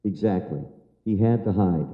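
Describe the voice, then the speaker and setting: A man's voice: low voice, normal speed. An older man giving a lecture as a story to an audience, repeating key phrases for emphasis and answering remarks from the room. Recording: dull lo-fi lecture recording.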